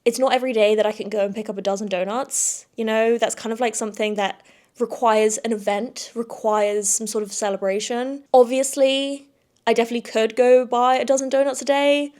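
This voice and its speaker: Chatty young Englishwoman, fairly high voice. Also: fairly even intonation, fairly quick, darkish tone. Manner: chatty, effusive, repeats words for emphasis. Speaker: podcast host. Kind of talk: casual solo podcast chat.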